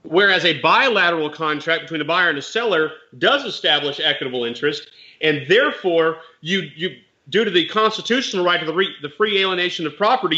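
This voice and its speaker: A man's voice: a little high, bright, forceful tone, highs cut off. A man, a real estate investor and mentor, telling a story in casual chat and explaining legal points plainly with animation.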